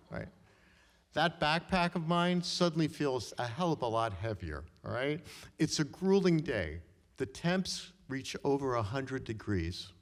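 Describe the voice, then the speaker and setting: A middle-aged man telling a personal story live on stage, talking conversationally and often tagging his sentences with "right?" and clearing his throat. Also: medium pitch. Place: stage in a hall before an audience. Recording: long reverb of a hall.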